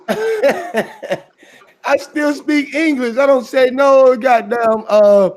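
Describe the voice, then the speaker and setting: A man's voice: very high voice, extremely slow. A man hosting a casual chat, joking around and laughing often, slipping into playful mock voices. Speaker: host.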